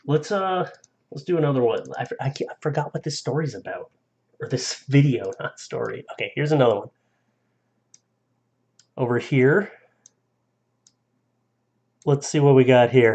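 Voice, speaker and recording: Young male streamer, casual and rambling, easy laugh, mid-pitched voice. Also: expressive, normal speed, long pauses, a little mellow, highs cut off. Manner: casual, rambling, laughs often, stumbles over names. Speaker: live streamer. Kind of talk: casual live-stream chat reading viewer stories.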